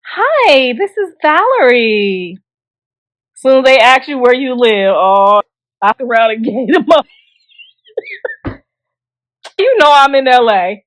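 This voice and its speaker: On a dry recording, a middle-aged woman hosting a show discusses celebrity gossip at a measured pace, pausing often, in a fairly high voice. Her casual commentary is blunt, full of jokes and laughter, and aimed straight at viewers in slang.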